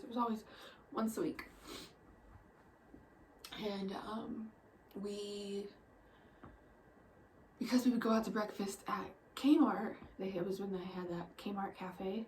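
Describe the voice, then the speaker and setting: A young woman telling personal stories in a vlog, soft-spoken and halting, often dropping to near a whisper, emotional. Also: mid-range voice, steady tone, a little hiss or hum, low-quality recording. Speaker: vlogger.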